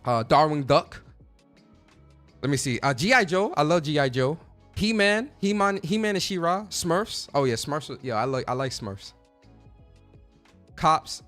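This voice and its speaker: A man's voice: fairly high pitch, lively intonation, a little slow, long pauses, a bit bright, faint music behind. A man hosting a casual livestream chat, talking in a chatty, slangy way and reacting to viewers. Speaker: podcast host.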